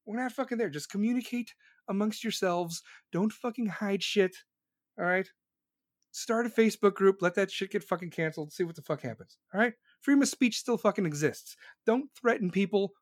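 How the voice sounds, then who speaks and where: High-voiced man in a profane rant. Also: normal speed, no room sound, clean studio sound. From United States. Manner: heated, profane, repetitive, lecturing.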